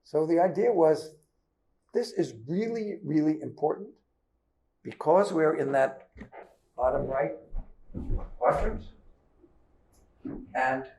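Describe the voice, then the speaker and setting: A man's voice: a little high, animated, slow pace, pauses often, warm tone. An older man giving a conversational seminar lecture in a lecture hall, talking through his slides. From United States. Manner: conversational, checks in with the audience. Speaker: guest lecturer.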